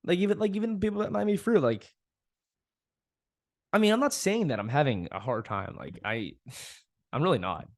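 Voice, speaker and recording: Pausing often at a normal speed, a young man with a voice on the high side vents through a casual solo podcast monologue. He's frank, swears frequently, and laughs at himself, all in clean studio sound without echo.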